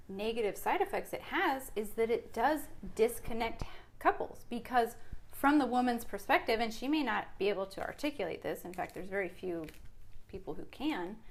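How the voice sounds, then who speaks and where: A middle-aged woman with a somewhat high-pitched voice co-hosts a casual podcast. She tells stories expressively and talks in an easy, conversational way. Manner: expressive storyteller, laughs often. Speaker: podcast co-host. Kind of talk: casual chat.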